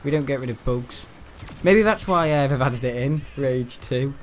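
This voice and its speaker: A man's voice: mid-range voice, moderate pace, a little hiss or hum. A seventeen-year-old boy, rambling and grumbling through casual gameplay commentary. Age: teens. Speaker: gaming channel host.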